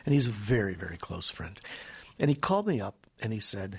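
Gravelly, husky American man in an interview. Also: fairly low pitch, very animated, a little fast, a little mellow. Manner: enthusiastic storyteller, acts out quoted voices. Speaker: scientist guest. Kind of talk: animated radio interview.

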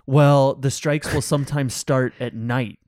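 A man's voice: mid-range voice, unhurried, dry recording, clean studio sound. A man co-hosting a podcast in casual, joking chat. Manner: joking, animated, deadpan asides. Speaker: podcast co-host.

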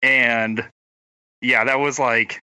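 Man, rural Oklahoma accent, very bright dry voice, rambling chat storyteller. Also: mid-range voice, level tone, drawn-out words, clear, resonant tone, no echo, poor audio. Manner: rambling storyteller, stumbles and restarts. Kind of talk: casual chat.

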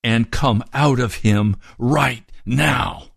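A man voicing Jesus giving short, quiet, firm commands in a slightly lowered voice. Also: drawn-out words, gravelly, husky, dry recording, studio quality, full character voice. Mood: commanding.

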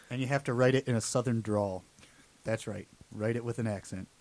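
A man's voice: mid-range voice, steady tone, moderate pace, darkish tone. Male co-host, mid-range voice, dry wit, casual chat. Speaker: podcast co-host.

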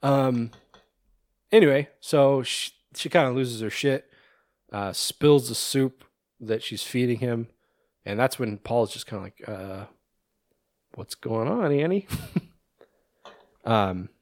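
A man's voice: medium pitch, slow pace, pauses often, a little mellow, no echo, clean studio sound. A man co-hosting a podcast, casually retelling a movie's plot with lots of ums and restarts. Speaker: podcast co-host.

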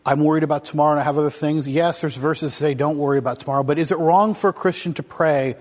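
A man's voice: on the high side, steady tone, fast. A man preaching a casual, conversational sermon to a congregation, asking them questions as he goes. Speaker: pastor. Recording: long hall reverb.

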